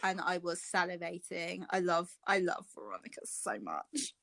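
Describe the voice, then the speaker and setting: A woman's voice: fairly low pitch, very animated, normal speed, vocal fry, bright, forceful tone, no room sound. Woman, podcast co-host, casual chat, theatrical and gushing, dry close sound. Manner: gushing and theatrical, with gasps and cackles.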